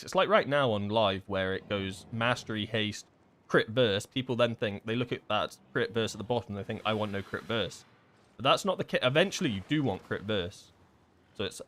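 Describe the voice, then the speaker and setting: A man talking through his game on a live stream in a loose, offhand way, pausing, restarting and tossing in "like" as he works things out. His voice sits at an ordinary middle pitch for a man, and he answers viewers' questions in a relaxed, unhurried tone. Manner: casual, thinking aloud with many fillers and restarts. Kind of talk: live-streamed gameplay chat.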